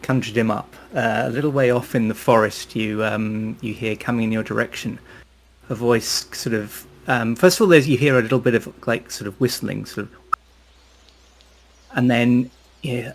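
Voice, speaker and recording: Husky gravelly game master narrating. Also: male voice, medium pitch, normal speed. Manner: rambling with many fillers.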